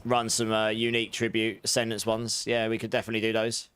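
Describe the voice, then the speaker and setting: A man's voice: on the low side, monotone, fast talker, a bit bright, smooth. A young man livestreaming a game, chatting casually with his viewers and thanking them, his voice a little sore. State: slightly sore voice. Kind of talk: casual gameplay chat with viewers.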